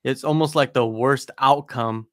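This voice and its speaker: Relaxed male interviewer, dry sound. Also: mid-range voice, measured pace, no echo. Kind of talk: casual interview chat.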